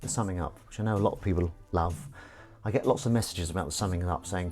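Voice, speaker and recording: A man's voice: low-pitched, fast, darkish tone, faint music behind. A man hosting a live stream as he washes up, rambling and joking at his own expense and swearing casually. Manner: jokey, self-mocking, chatty, swears casually. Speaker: livestream host. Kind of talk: rambling live-stream chat while washing up.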